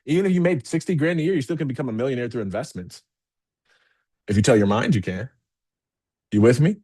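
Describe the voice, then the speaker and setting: A man giving a motivational talk as keynote speaker to a live audience, candid and energetic, often checking in with "okay?". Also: medium pitch, fast talker, breathy edge. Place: event room with a live audience.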